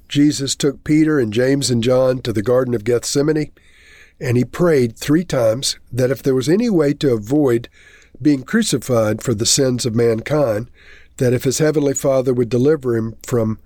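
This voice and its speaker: A man's voice: medium pitch, darkish tone, no echo, clean studio sound. Man reading and explaining scripture. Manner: reads scripture aloud, then explains it plainly. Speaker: Bible teacher. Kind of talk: Bible reading and commentary.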